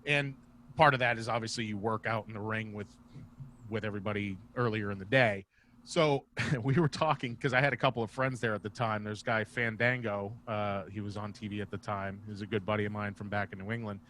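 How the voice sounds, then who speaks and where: A man's voice: fairly low pitch, steady tone, fairly quick, a bit bright, slight background noise. A man guest, a comedian and former wrestler, telling rambling, profane stories casually over a video call. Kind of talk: casual storytelling.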